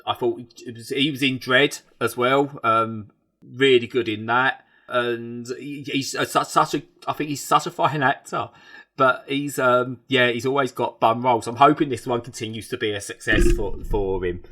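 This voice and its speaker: A man's voice: mid-range voice, steady tone, normal speed, sharp tone. A man, co-hosting a podcast in casual, enthusiastic chat with many restarts. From England. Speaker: podcast co-host.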